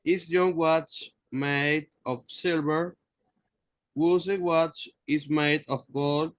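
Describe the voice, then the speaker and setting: Guy reading english out loud real slow, stumbling, dry close sound. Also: fairly high pitch, fairly even intonation, no echo. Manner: halting, stumbles over words and repeats corrections. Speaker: student. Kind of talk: reading aloud in class. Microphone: video call.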